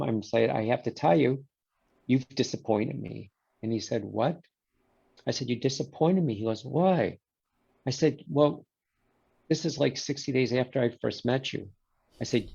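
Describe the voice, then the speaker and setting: A man's voice: mid-range voice, creaky, slightly rough, dull audio. A man, a guest in a conversation, telling a story and acting out the quoted exchanges. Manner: animated storyteller who voices quoted exchanges.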